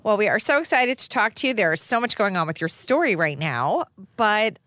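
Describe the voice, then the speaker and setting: Lively, upbeat woman co-host. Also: medium pitch, fairly quick, dry recording. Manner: upbeat, introduces guests. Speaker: show co-host. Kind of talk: talk show chat.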